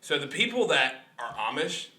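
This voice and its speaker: A man from the Midwest co-hosting a comedy podcast, laughing a lot and reacting with loud exclamations. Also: mid-range voice, very animated, moderate pace, noisy background. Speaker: podcast co-host. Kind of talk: casual comedic chat. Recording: roomy sound.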